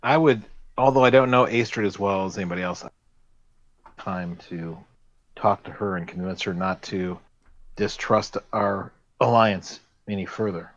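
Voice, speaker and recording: A man in a tabletop fantasy game gives hesitant, advising remarks in character. His voice is low, and the recording sounds dull and lo-fi. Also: moderate pace, no echo. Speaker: player. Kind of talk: in-character roleplay.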